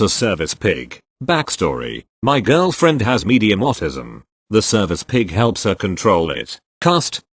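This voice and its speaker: A man reads online stories aloud, his pace running uneven. His voice is low but swings lively in pitch. The sound is dry and close, with no room around it. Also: no echo. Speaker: reader of online posts.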